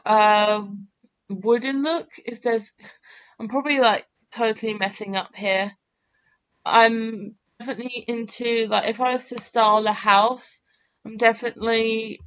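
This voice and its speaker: A woman's voice: on the high side, a bit bright, clear, resonant tone, highs cut off. A woman giving chatty, self-mocking gameplay commentary, thinking aloud with plenty of fillers. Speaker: game channel host.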